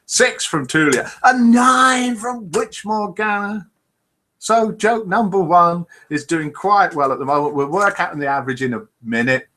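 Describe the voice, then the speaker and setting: A man's voice: sits high, measured pace, pushed and bright, a little hiss or hum. A man hosting a live online show, chattily reading out scores and greeting viewers by name. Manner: chatty, reads out scores and names. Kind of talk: casual live-stream hosting.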